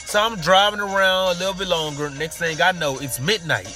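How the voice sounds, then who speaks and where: Guy telling a story from his life, high bright voice, acts out everybody. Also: brisk, faint music behind. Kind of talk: casual comic storytelling.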